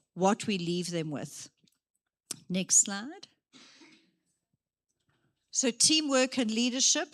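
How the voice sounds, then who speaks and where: A woman giving a motivational career day talk in a church hall, lively and full of acted examples. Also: on the high side. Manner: lively, gives acted examples, moves around.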